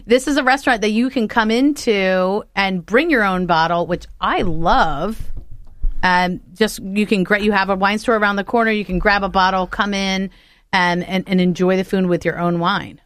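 A woman's voice: mid-range voice, moderate pace, fairly bright tone, no echo. Chatty woman hosting a studio show. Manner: enthusiastic, chatty, laughs often. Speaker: radio show host, wine expert. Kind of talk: casual interview chat.

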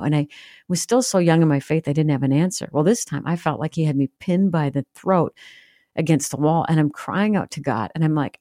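A woman's voice: low-pitched, expressive, a little fast, warm tone, no room sound, clean studio sound. A middle-aged woman giving a heartfelt personal testimony as a guest author in an interview. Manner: earnest, heartfelt storytelling.

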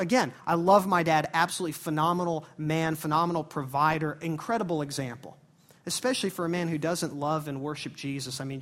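A man preaching a sermon at a church service, telling stories in a casual, conversational way and moving between quiet asides and sudden loud bursts. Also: on the high side. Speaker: pastor. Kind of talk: sermon with personal storytelling.

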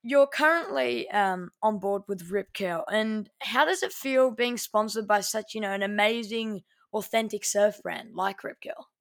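A woman's voice: medium pitch, measured pace, creaky, few pauses. A woman hosting a podcast interview, enthusiastic and effusive, often restarting her sentences. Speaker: podcast host. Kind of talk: casual interview.

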